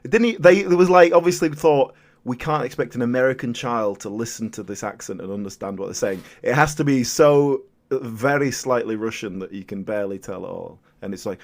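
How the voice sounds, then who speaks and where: A man's voice: medium pitch, a little fast. A man co-hosting a podcast, trading dry, teasing jokes in casual chat. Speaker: podcast co-host.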